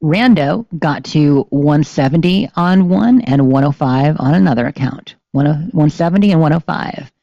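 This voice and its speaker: A rambling, chatty podcast co-host with a mellow, darker tone, full of ums and little laughs. Dry, slightly dull recording from a home streaming setup. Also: medium pitch, moderate pace, gravelly, few pauses, dry recording. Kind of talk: casual podcast chat.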